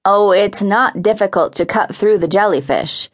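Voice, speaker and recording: A curious, distracted teenage boy from a teen adventure audiobook, musing half to himself, as a woman narrator voices him. The pitch stays mid-range. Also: moderate pace, close to an everyday voice. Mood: absent. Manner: absent-minded, musing. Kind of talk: audiobook character voice.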